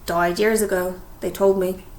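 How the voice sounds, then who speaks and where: A woman voicing a huge gruff half-giant groundskeeper with rough country speech. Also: fairly low pitch, little pitch movement, measured pace, darkish tone, echoey room, slight background noise, lightly acted. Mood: curt.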